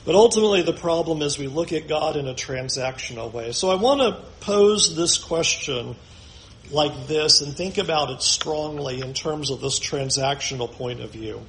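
A man's voice: fairly high pitch, moderate pace, fairly bright tone, a little hiss or hum. A man preaching a sermon as pastor, emphatic, often acting out the voices of the people he quotes. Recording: roomy echo.

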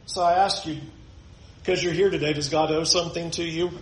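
A man's voice: on the high side, fairly even intonation, fairly quick, a little hiss or hum. A man preaching a sermon as pastor, emphatic, often acting out the voices of the people he quotes. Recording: roomy echo.

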